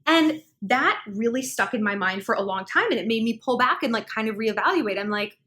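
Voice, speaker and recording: A woman in her thirties talks straight to camera, spinning a relationship story in a chatty, animated way. Her voice sits fairly high, and she peppers her talk with fillers and acts out the lines of the people in her story. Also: brisk. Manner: chatty, animated, many "like"s, acts out quoted dialogue. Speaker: relationship advice vlogger.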